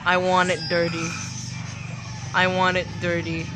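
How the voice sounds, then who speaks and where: A gameplay streamer in casual commentary who gets excitable, shouting urgent commands and reading game text aloud. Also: mid-range voice, unhurried, over music, poor audio.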